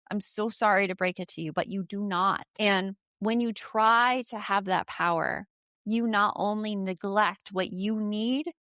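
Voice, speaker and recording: A woman hosting a parenting podcast talks in a casual, direct way, as if sitting across from the listener. Her voice sits at an ordinary mid pitch. The recording is close and dry, with no room sound around it. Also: a bit bright, no echo. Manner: direct, speaks straight to the listener. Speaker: podcast host. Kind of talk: casual parenting advice talk.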